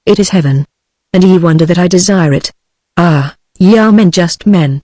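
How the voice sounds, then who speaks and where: A text-to-speech voice reading the lines of a gentle young peasant woman turned warrior, as a plain synthetic reading with no voice change. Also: medium pitch, normal speed, no echo, close to an everyday voice. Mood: earnest.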